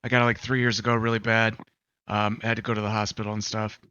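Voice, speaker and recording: This podcast co-host has a lowish, flat, fast voice with a sharp, smooth tone and no echo. He rambles through casual chat and stories on a gaming talk show, using plenty of fillers and voicing quotes, over a slightly dull recording with faint music behind him.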